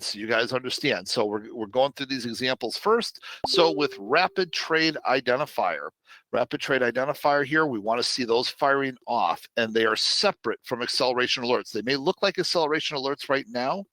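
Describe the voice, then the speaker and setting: A man teaching trading on a live webinar in a loose, chatty way, full of fillers and quick asides to his viewers. His voice is bright and forward, and the sound is dry and close with no room around it. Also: medium pitch, no room sound.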